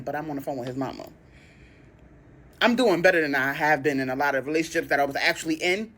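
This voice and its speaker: Woman, storytime vlogger, animated and dramatic, quotes in a high voice. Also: slightly rough. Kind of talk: casual storytime monologue.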